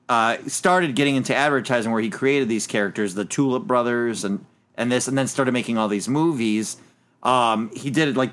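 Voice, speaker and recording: A man's voice: mid-range voice, a bit bright. A man co-hosting a podcast, rambling through a movie review in casual, profane chat. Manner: rambling, profane, lots of fillers. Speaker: podcast co-host.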